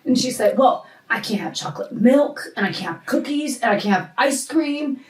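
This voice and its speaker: A woman's voice: on the high side, animated, distant mic. Woman, from Alabama, podcast guest, playful, roomy sound, set back from the mic. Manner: playful, quick to chime in. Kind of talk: casual chat.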